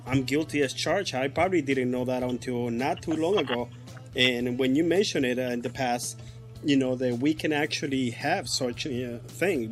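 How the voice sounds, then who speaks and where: A man hosting a casual interview, talking conversationally and asking long, winding questions. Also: mid-range voice. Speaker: host.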